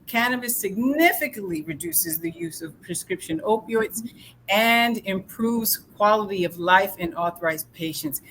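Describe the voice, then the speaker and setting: An American woman speaks at a lecture in an earnest, personal way. Her voice sits at an ordinary middle pitch. Faint ambient noise stays in the background. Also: a bit bright, poor audio. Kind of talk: public talk.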